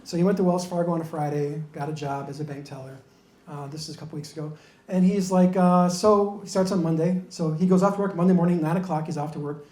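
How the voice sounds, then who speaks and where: A man's voice: fairly high pitch, fairly even intonation, fast talker, a little mellow, roomy sound. A man in his forties performing a stand-up comedy set as a bumbling, self-deprecating storyteller.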